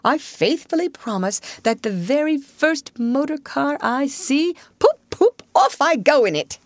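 A woman's voice: high voice, animated, a little slow, voice pushed up. A woman reading a storybook aloud and voicing a boastful, reckless male toad who speaks emphatically and defiantly. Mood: defiant, gushing.

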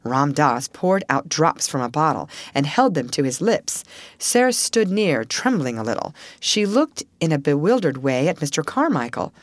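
A woman reading a storybook aloud as an audiobook narrator, in an expressive, measured way. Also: deep voice, no room sound. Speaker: audiobook reader. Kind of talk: scripted narration.

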